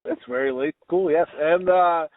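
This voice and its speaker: A man's voice: fairly high pitch, normal speed, no room sound. A man co-hosting a podcast in casual chat, joking crudely and laughing a lot. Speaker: podcast co-host. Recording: tinny phone-like sound.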